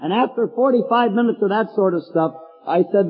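Folksy older preacher, husky and high. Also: male voice, a little fast, in a large hall, narrow, tinny audio, faint music behind. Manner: folksy, storytelling, chuckling asides. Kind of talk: folksy sermon.

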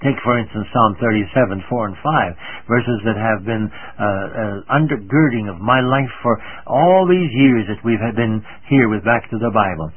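An older man teaching the Bible on the radio, speaking earnestly and emphatically and reading scripture slowly. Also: lowish voice, animated, husky. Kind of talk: radio sermon. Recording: narrow tinny old radio broadcast.

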